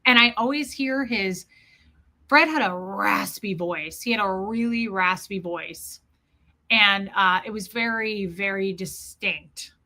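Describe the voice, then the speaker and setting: A woman's voice: mid-range voice, slow pace, bright, forceful tone. A woman hosting a live stream, telling a personal story in an earnest, casual way and greeting viewers by name.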